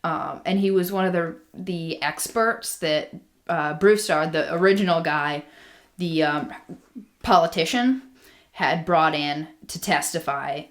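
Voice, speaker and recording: A woman's voice: deep voice, a little slow. A woman co-hosting a casual podcast, telling a history story with many ums and restarts. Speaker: podcast co-host.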